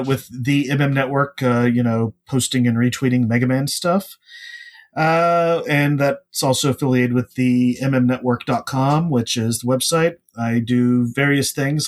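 Male podcast guest, mid-pitched, casual and meandering. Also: a little slow. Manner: rambling, full of "uh" fillers. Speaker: podcast guest, comics writer.

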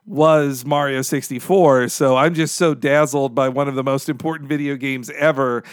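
A man as a podcast guest, telling stories in an enthusiastic, animated way. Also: mid-range voice, normal speed, smooth, no room sound, studio quality. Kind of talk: casual podcast chat.

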